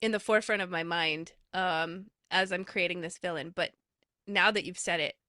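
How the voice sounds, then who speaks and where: Female podcast guest, eager and chatty, bright tense tone, dry close recording. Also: on the low side, steady tone, moderate pace, no room sound. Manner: eager, talks with lots of fillers and restarts. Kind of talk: casual chat.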